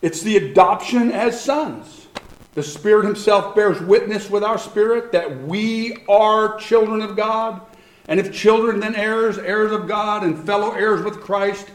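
A man pastor preaching a sermon, emphatic, swinging from hushed asides to loud declarations. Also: high-pitched, a little slow, echoey room.

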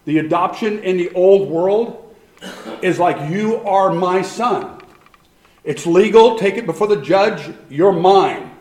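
A man preaching a sermon with a fairly high voice that rings out in a roomy, echoing space. He is emphatic, dropping to hushed asides and then rising to loud declarations, repeating words for weight. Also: measured pace. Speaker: pastor.

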